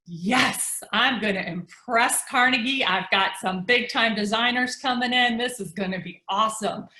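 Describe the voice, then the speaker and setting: A woman's voice: mid-range voice, pushed and bright, echoey room. A woman telling a work story at a design event in a chatty way, with frequent ums and laughs, speaking over a video call. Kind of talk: personal story talk.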